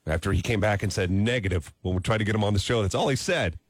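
A man's voice: fairly low pitch, quick pace, no echo. A man hosting a radio morning show, joking and bantering with his co-hosts in the studio. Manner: lively, joking, trails off and restarts.

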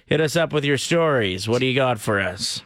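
A man's voice: mid-range voice, animated, brisk, fairly bright tone, no echo, studio quality. A man co-hosting a casual radio show, laid-back and chummy, often chuckling. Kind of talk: casual morning radio banter.

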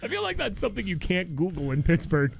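A man hosting a radio morning show, joking excitably and reading out listener tweets. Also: sits high, quick pace, creaky, soft background music. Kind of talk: casual radio banter.

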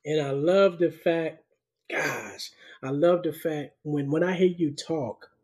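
A man hosting a podcast interview, talking in a relaxed, slangy way and affirming his guest often. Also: fairly high pitch, takes it slowly, slightly rough. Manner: affirming, uses slangy casual speech, many backchannels. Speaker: podcast host. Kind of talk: casual interview chat.

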